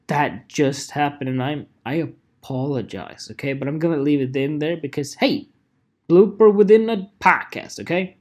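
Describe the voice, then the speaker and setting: A man's voice: a little high, normal speed. A man hosting a podcast alone, talking casually in a rambling, profane, self-deprecating way. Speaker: podcast host.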